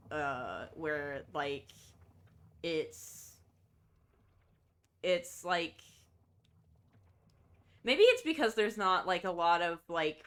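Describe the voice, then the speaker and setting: A woman's voice: lowish voice, fairly bright tone. A woman streaming a game and chatting casually, thinking aloud and swearing freely.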